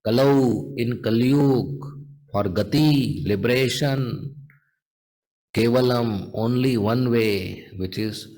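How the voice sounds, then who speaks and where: Man giving an animated sermon. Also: long reverb tail. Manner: animated storytelling, acts out the characters' lines; chants mantras in a low, slow sing-song. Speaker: spiritual teacher. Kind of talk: devotional storytelling lecture.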